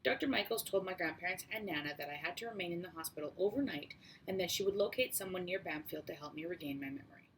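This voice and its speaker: Audiobook narrator: woman, lowish voice, steady and measured, faint hiss. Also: poor audio. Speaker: audiobook reader. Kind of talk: first-person audiobook narration.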